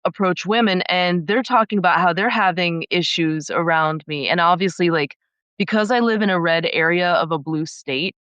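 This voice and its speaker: A woman's voice: lowish voice, normal speed, fairly bright tone, clear, resonant tone, dry recording, dull audio. A woman talking about dating as a podcast guest, in a blunt, wry, chatty way. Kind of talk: casual conversation.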